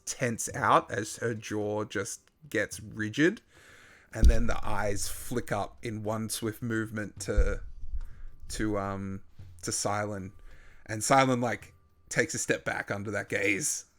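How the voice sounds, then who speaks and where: A man narrating a tabletop role-playing game as game master, pausing often with fillers. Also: on the low side, steady tone, fairly bright tone. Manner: halting, with many fillers.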